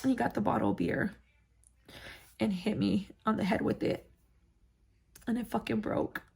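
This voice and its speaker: A woman vlogger tells her own story in a gravelly, husky voice. She talks candidly, with plenty of fillers and blunt swearing. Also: on the high side, a little slow, darkish tone. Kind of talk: personal storytelling.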